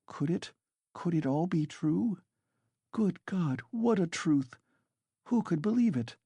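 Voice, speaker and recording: A man's voice: a little high, slow, gravelly, darkish tone, breathy edge, dry recording, voice pushed up, full character voice. A man voicing a timid, pious young woman in an audiobook, asking beseeching questions in a raised voice. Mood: horrified.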